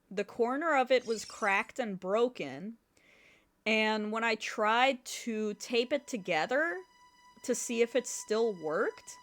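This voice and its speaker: Slow-talking woman streamer telling a story. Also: on the high side. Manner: animated, swearing, exasperated. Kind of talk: casual storytelling while gaming.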